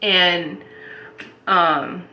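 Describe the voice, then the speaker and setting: Her voice sits on the low side and she draws out her words; the recording has its highs cut off and some slight background noise. She's a host telling a live audience about a strange dream, rambling, animated, and full of "like."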